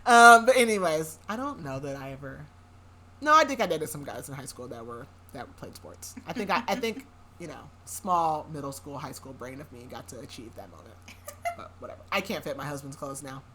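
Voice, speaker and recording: Low-set, expressive, and a bit bright, her voice moves fairly quickly as she hosts a casual podcast recap of a novel. Sarcastic asides and frequent laughter run throughout.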